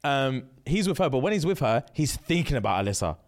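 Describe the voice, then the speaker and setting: A man's voice: medium pitch, sing-song, brisk. A man, co-hosting a podcast and animatedly recapping a reality show with street slang. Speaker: podcast co-host.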